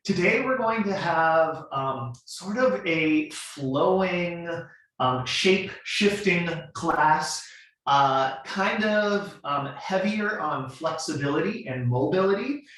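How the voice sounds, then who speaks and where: Male movement instructor, fairly high voice, off-mic in a very echoey room, loose chatty coaching. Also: expressive, a little slow, a bit bright, far from the mic. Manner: conversational, many fillers, coaching cues. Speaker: fitness class instructor. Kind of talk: online movement class instruction.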